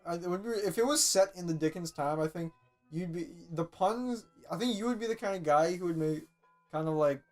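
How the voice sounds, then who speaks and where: A man's voice: high-pitched, a little fast, a little mellow. Rambling, laughing male podcast co-host. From Toronto. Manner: rambling, laughing, jumps into put-on voices. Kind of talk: casual chat. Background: faint classical music.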